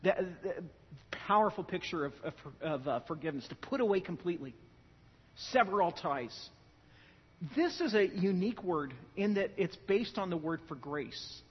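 A fairly high, husky male voice preaching in a big reverberant church hall. He is animated, swinging between loud, punchy emphasis and hushed lines, and the recording sounds muffled and lo-fi. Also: normal speed. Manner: animated, joking storyteller who swings from loud emphasis to quiet. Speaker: pastor. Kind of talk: sermon.

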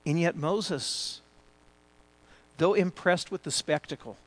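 Pastor, male, fairly high voice, earnest off-the-cuff sermon delivery to a home congregation. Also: takes it slowly. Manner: earnest, conversational preaching with frequent restarts; rises louder and higher when building a point. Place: church before a congregation.

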